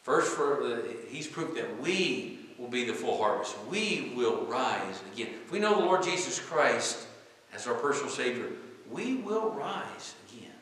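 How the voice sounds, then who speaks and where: A man preaching a fervent sermon, his bright, forceful voice ringing through a large church sanctuary. He swings from loud exclamations to hushed, intimate phrases and builds by repeating lines. Long reverb trails each phrase. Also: mid-range voice, very animated, measured pace. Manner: repeats phrases with rising emphasis. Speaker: pastor.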